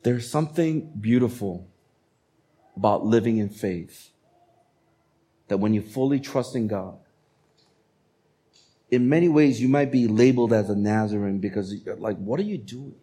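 A male pastor delivers a sermon with a mellow, warm tone. His delivery is conversational and animated, and he slips into little acted-out voices when quoting people. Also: lowish voice, measured pace, pauses often.

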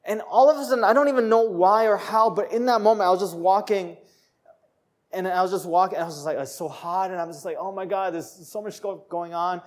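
A young man preaching a sermon, telling a personal story with laughter and rising to joyful shouts. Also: high-pitched, steady tone, fairly quick. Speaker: pastor.

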